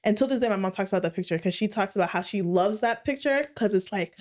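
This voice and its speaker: A woman in her late twenties, co-hosting a podcast and telling her own story in candid casual chat, with big expressive swings in her voice. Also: medium pitch, fast. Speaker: podcast co-host.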